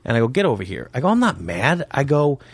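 Animated male comedian guest. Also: medium pitch, quick pace, breathy edge, dry recording. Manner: animated storyteller who acts out scenes. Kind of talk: casual chat. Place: home man cave.

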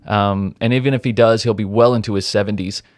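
A man's voice: on the low side, fairly even intonation, fast talker, dry recording, clean studio sound. A man hosting a true-crime podcast, telling the case in a blunt, wry, profane manner. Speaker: podcast host, storyteller. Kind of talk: casual true-crime narration.

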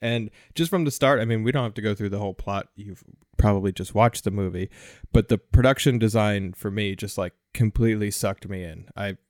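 Male podcast host, lower register, dry booth sound, relaxed plot recapper. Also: fairly quick, hardly any pauses, dry recording. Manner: relaxed, summarizing the plot with light jokes. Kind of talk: casual film discussion podcast.

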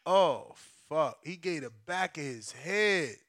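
A man hosting a live stream, reacting to a fight with loud, profane exclamations. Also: on the high side, slow. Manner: excitable, profane, shouts and exclaims.

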